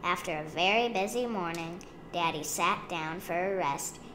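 A woman reading a children's picture book aloud in a room at home, gentle and clear. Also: fairly low pitch, normal speed, roomy sound, noisy background. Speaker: storybook reader. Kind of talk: children's storybook read-aloud. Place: home room beside a window.

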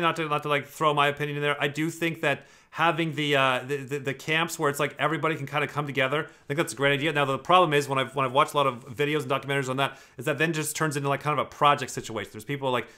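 Fast, bright-voiced man ranting. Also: a little high. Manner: swearing, rambling, animated. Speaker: host. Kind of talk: casual commentary.

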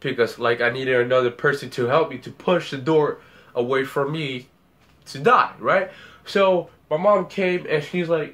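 A man's voice: fairly high pitch, moderate pace, fairly bright tone. A young man telling a story about a dream in a rambling way, repeating words and acting out the scenes. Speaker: vlogger.

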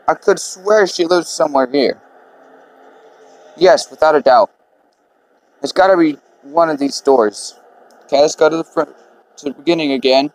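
Relaxed male let's-player, slightly high voice, slow and muttering. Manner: laid-back, muttering to himself. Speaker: gamer. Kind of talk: let's play commentary.

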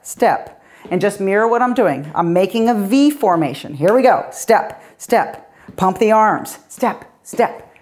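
A woman's voice: medium pitch, darkish tone. A middle-aged woman, a fitness coach, leading a guided workout with upbeat, encouraging cues, slightly out of breath.

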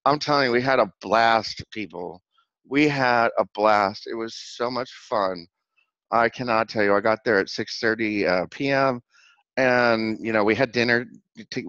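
A man hosting his own channel, telling a rambling, excitable story in a casual vlog recap, laughing often and repeating words as he goes. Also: fairly low pitch, dry recording. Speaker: channel host. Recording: dull lo-fi dry recording.

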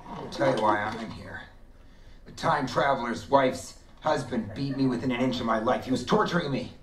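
An actor playing a flippant mercenary with a mock-dramatic manner. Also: male voice, mid-range voice, moderate pace, recorded from a distance, close to an everyday voice. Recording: film audio in an echoey cinema, crowd and music.

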